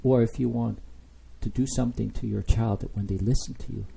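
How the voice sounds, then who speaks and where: Gravelly, impassioned male Bible teacher. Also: mid-range voice, fairly even intonation, brisk, mellow, a little hiss or hum. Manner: impassioned, rhetorical questions, many fillers. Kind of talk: Bible study sermon.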